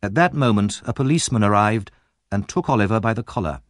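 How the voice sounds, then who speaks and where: A male audiobook narrator with a lower voice that rises and falls widely as he tells the story. The reading is expressive and dramatic, recorded close and dry with no room sound. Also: fast, no room sound. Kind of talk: scripted narration.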